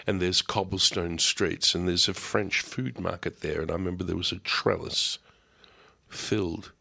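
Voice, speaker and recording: A man's voice: sits low, fairly even intonation, normal speed, creaky, pushed and bright, husky. A man, a radio host who chats and drifts into long stories. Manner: chatty, digressive storyteller. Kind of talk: casual interview chat.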